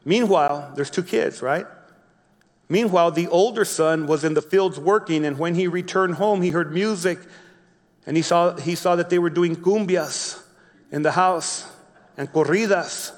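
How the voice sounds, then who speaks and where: A man preaching a sermon, reading a Bible story slowly and explaining it in his own words with frequent restarts. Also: on the high side, long reverb tail. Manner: reads scripture slowly, then explains with repeated restarts. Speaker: pastor.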